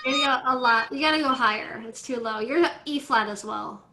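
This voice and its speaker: A woman teaching an online violin class, coaching students through tuning in a brisk, directive way over a video call. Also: on the high side, over loud music. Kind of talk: online group class instruction. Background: faint violin notes from students.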